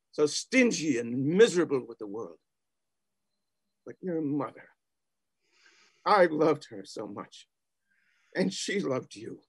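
In an amateur online play, a man with a slightly high, breathy voice performs a reformed old miser, now tender and repentant. The recording has no echo, and his heavily acted delivery is heartfelt, wry and self-deprecating.

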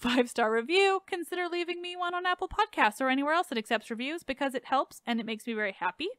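A woman's voice: sits high, a bit bright, no room sound, clean studio sound. A woman hosting a podcast, chatting casually in a sarcastic, self-deprecating way. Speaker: podcast host.

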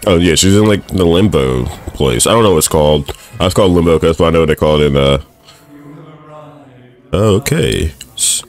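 A young man casually commentating his own gameplay, excitable and swearing at the screen. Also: deep voice, moderate pace, soft background music. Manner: excitable, swears and laughs often, talks to the screen. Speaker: gaming streamer. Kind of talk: let's play commentary.

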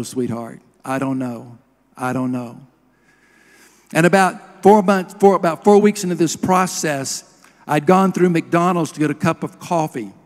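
A middle-aged man preaching with a slightly raised voice, recounting stories in earnest. His tone drops low and soft at emotional points. The sound carries a long reverb from a large hall. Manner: earnest storytelling, drops to a hush at emotional moments. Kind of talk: sermon.

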